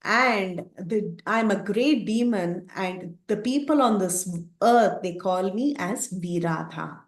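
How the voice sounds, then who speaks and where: A woman's voice: medium pitch, takes it slowly, echoey room. A woman voicing a huge, ferocious male demon who boasts and threatens in a raised, commanding voice. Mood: menacing, boastful.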